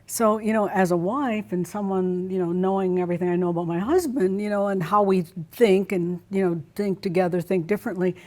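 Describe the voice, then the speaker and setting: A middle-aged woman speaks as an interview guest, telling a personal story. Her voice sits at an ordinary pitch for a woman. She is expressive and animated, acting out her own reactions as she goes. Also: brisk, few pauses.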